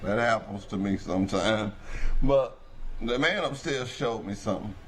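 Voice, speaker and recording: A man with a hoarse voice, hosting a local trucking company show in a folksy, rambling manner. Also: lowish voice, moderate pace, music in the background. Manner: folksy, rambling, preacher-like address to the audience. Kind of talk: casual talk show monologue.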